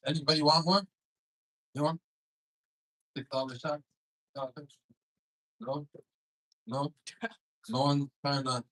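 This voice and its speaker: A man emceeing a comedy club night, bantering with the crowd in a loose, teasing, profane way. His voice sits a bit high for a man. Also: fairly bright tone, rough recording. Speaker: comedy show host.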